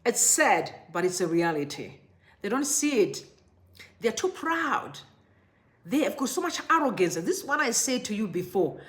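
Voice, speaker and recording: A woman's voice: mid-range voice, sing-song, moderate pace, fairly bright tone. A woman from Zimbabwe, hosting impassioned political commentary and speaking directly to her viewers with emphatic repetition.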